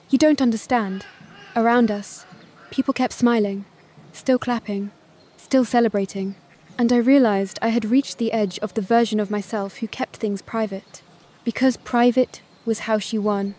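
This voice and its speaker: A woman narrating a first-person family drama story in a calm, measured voice. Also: fairly high pitch.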